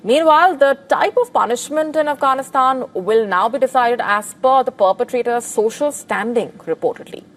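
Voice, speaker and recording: A woman presents a scripted news report in a measured, formal way. Her voice is somewhat high for a woman. She keeps a steady newsreading rhythm.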